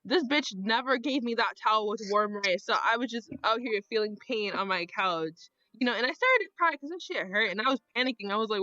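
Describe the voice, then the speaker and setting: A young woman rattles off a personal story in loose, casual chat, swearing freely and acting out the people she quotes. Her voice sits a bit high. The recording is dry and a little muffled. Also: a little fast, pushed and bright, no echo.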